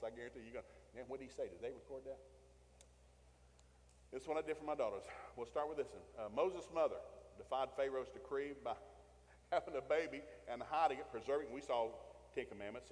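A man's voice: medium pitch, darkish tone. A man preaching a sermon, telling Bible stories in a folksy way and acting out the quotes. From Tennessee, USA. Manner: folksy storytelling with acted quotes. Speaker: pastor. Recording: long hall reverb.

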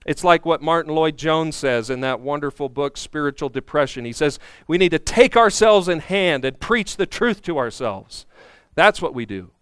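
Smooth-voiced man preaching a sermon. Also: fairly high pitch, lively intonation, normal speed, fairly bright tone, no room sound, studio quality. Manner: earnest teaching, acts out Bible speakers. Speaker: pastor. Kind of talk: expository sermon.

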